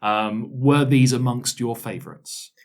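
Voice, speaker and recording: A man in easy conversation as a show's host. His voice sits at an ordinary pitch and he talks loosely, joking and drifting into fillers. The tone stays relaxed and chatty throughout. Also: unhurried, gravelly. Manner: chatty, jokey, trails off into fillers. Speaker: podcast host. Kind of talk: casual chat reviewing a past season.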